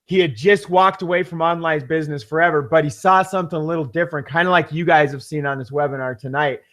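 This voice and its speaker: A man co-hosting a webinar, giving a fervent, rambling sales pitch that repeats his points for emphasis. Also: fairly even intonation, fast, a bit bright. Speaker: webinar co-host pitching a business system.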